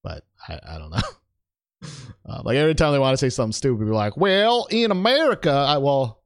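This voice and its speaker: A man's voice: medium pitch, sing-song, quick pace, vocal fry, no room sound, studio quality. A man hosting a casual call-in chat, joking and laughing often. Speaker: host.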